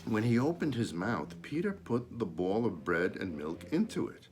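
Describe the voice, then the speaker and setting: A man reading a children's story aloud in an animated way, pausing to talk about the pictures. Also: fairly low pitch. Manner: animated, pauses to point at pictures. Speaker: storybook reader.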